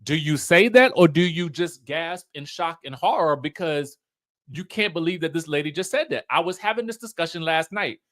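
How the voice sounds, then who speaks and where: A man's voice: fairly high pitch, moderate pace. A man giving a casual commentary recap of a reality show, chatty and emphatic, acting out what the cast said. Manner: animated storytelling, acts out quotes in raised voices.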